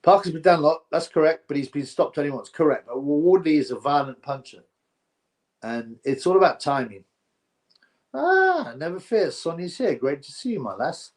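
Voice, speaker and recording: A man's voice: a little high, a little fast, a little mellow. Blunt man hosting a live stream. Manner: blunt, opinionated, rambling banter with filler. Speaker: live-stream boxing host. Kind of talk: casual live-stream chat, reading viewer comments aloud.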